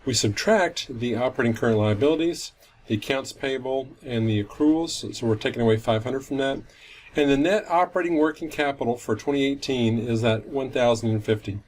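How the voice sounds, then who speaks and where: A man's voice: mid-range voice, a little fast, darkish tone, slight background noise. A man teaching finance in a recorded lecture, explaining step by step and often correcting himself mid-sentence. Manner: methodical, self-correcting explanation. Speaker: finance instructor.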